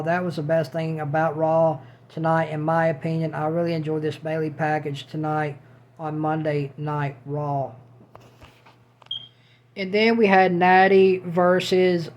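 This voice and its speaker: A man's voice: on the high side, a little hiss or hum. A man giving a casual spoken recap as a show reviewer, repeating himself and circling back over the same points. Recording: dull lo-fi audio.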